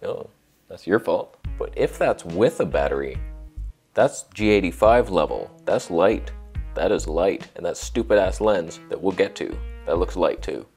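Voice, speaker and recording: A man's voice: deep voice, animated, a little slow, darkish tone, faint music behind. A man giving a comedic camera review, sarcastic and rambling with jokey asides.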